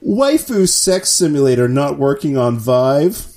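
Mid-pitched man stammering on a podcast. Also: sing-song, unhurried, darkish tone, slight background noise. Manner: stammering restarts, reading posts aloud. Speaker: podcast co-host reading reddit posts aloud. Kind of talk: comedic podcast banter.

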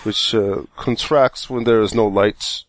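A man's voice: on the low side, steady tone, unhurried, no echo. A man on a comedy podcast who describes a silly invention in a dry, mock-formal way. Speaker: podcast co-host. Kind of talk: casual comedy podcast chat.

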